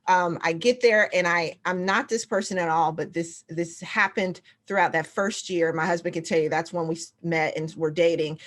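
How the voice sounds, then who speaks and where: A young adult woman hosting an interview, sharing her own story in a reflective, open way. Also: fairly low pitch. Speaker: host. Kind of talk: conversational interview.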